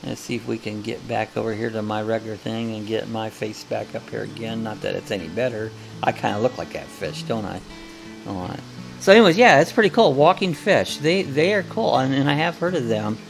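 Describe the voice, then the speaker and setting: A man with a gravelly, creaky voice hosts a casual live-stream chat. He rambles in a folksy way and keeps restarting his sentences. Guitar music plays clearly behind him. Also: on the low side, lively intonation, fairly quick. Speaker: host of a live coffee chat show.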